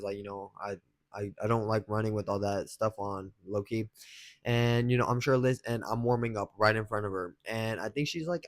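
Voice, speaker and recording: A young man who vlogs dating advice tells a rambling story in casual chat, his voice lowish and the recording dry. He's slangy, swears freely, and chuckles often.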